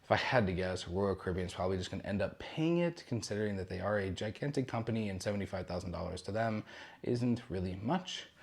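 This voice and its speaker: A man's voice: lowish voice, expressive, fast talker, vocal fry. A young man hosting a casual cruise news roundup, chatty and rambling, with jokey asides and frequent self-corrections.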